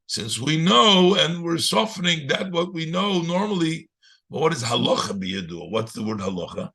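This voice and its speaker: Gravelly, bright-toned rabbi teaching a text. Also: male voice, fairly low pitch. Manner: reads Yiddish lines then paraphrases in English. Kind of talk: Torah class, translating Yiddish to English.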